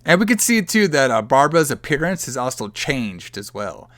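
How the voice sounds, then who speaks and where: A man's voice: medium pitch, big pitch swings, normal speed, a bit bright, no room sound. A man hosting a podcast, loosely and profanely retelling a movie plot in casual chat. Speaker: podcast host.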